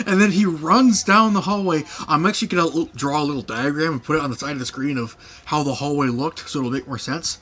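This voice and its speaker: Brief: young male host, casual storyteller, bright tone, lots of laughter and filler words. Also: a little high, fast talker, few pauses, slight background noise. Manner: laughing often, rambling with fillers. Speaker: podcast host.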